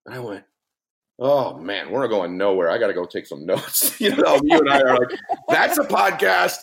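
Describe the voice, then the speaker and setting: Middle-aged man, podcast guest, emphatic storyteller with a very lively voice. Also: lowish voice, moderate pace. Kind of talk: animated storytelling.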